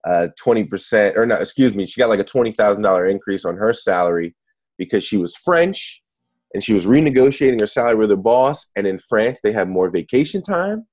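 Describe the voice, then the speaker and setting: A man with a low, mellow voice, guesting as an author in an interview. He talks with animated energy and often trips into restarts mid-phrase. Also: a little fast. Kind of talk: conversational interview.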